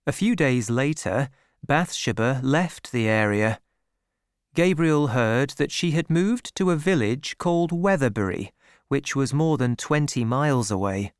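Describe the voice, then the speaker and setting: A man narrating a story, reading slowly and expressively, on a close studio mic. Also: mid-range voice, dry recording. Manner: slow, clear, expressive reading. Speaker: audiobook narrator.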